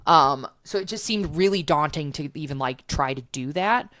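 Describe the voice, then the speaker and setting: A woman's voice: sits low, moderate pace, fairly bright tone, no echo, studio quality. A woman guest on a podcast, telling stories in casual chat, with many "um"s and "like"s. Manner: chatty storyteller with many "um"s and "like"s.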